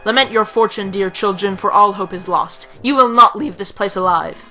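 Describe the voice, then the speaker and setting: A woman's voice: medium pitch, normal speed, pushed and bright, faint music behind, lightly acted, rough recording. A woman reading a haughty, cruel female general from a game, with theatrical gloating laughter.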